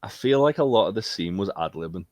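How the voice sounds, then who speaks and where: A man co-hosting a casual podcast chat, relaxed and often restarting his sentences. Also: on the low side, quick pace, dry recording. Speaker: podcast co-host.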